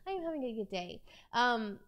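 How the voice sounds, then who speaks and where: A woman's voice: a little high, very animated, moderate pace, a bit bright. A young woman streamer chatting casually from her room at home, bubbly and chatty as she thanks viewers by name. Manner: bubbly, chatty, reads viewer names aloud. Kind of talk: casual live-stream chat.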